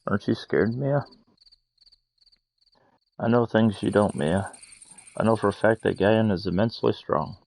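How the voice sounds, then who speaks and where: A man's voice: fairly low pitch, moderate pace, creaky, long pauses, darkish tone, rough recording. A man voicing an anxious, protective young mage in a game, urging and pleading. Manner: urgent and pleading. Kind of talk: game voice acting.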